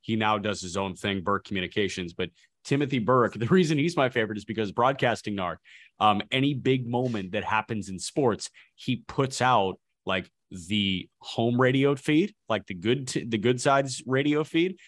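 A man co-hosting a podcast, telling stories in a lively, casual way with quick asides. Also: on the low side, dry recording, clean studio sound. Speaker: podcast co-host. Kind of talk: casual chat.

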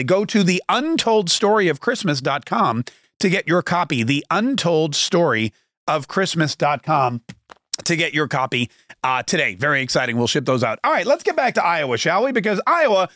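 A chatty man hosting a political talk show in a fairly high voice. He jokes and rambles, often correcting himself mid-sentence. The sound is close and dry, with no room echo. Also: fairly bright tone. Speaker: conservative talk show host. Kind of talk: casual podcast monologue.

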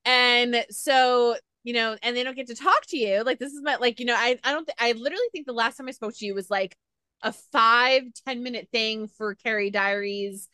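A woman's voice: on the high side, moderate pace, bright, forceful tone, no echo, studio quality. A woman hosting a casual interview, gushing like a devoted fan as she asks her questions. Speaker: interviewer, host.

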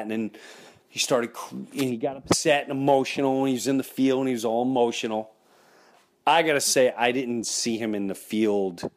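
A middle-aged man, hosting a podcast and telling a story in an excitable way, breaking into loud impressions. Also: medium pitch. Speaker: podcast host. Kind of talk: animated storytelling.

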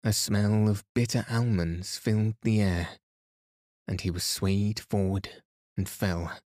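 A man narrating a bedtime story for a sleep podcast in a soft, calm, steady manner. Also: on the low side, takes it slowly, dry recording, clean studio sound.

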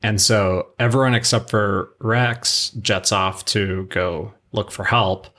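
A man with a very low voice talks through an episode recap on a podcast. He rambles, circling back with lots of fillers and restarts, in an easygoing chatty way. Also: steady tone, takes it slowly, pushed and bright. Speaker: podcast co-host. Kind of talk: casual recap chat.

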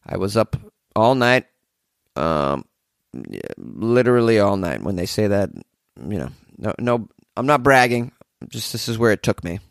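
A hungover man hosting a podcast, reading odd news stories with rambling, sarcastic commentary and low energy. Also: big pitch swings, a little slow, gravelly, no room sound, studio quality. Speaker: podcast host.

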